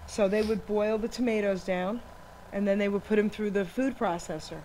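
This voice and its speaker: Woman radio host, teasing and animated, laughs a lot, live studio with faint background hiss. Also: mid-range voice, normal speed, poor audio. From Italian-American family. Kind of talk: casual chat.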